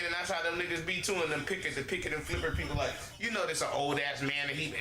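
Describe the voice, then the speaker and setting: A man gaming on stream and ranting casually, rambling and swearing with heavy slang. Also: on the high side. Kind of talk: casual rant while gaming. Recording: echoey room with noise.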